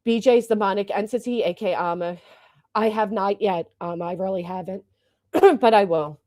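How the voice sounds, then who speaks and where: A woman's voice: mid-range voice, normal speed, darkish tone, no echo, studio quality. A woman hosting a livestream, delivering an upset and indignant rant full of profanity. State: upset and agitated. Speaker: livestream host.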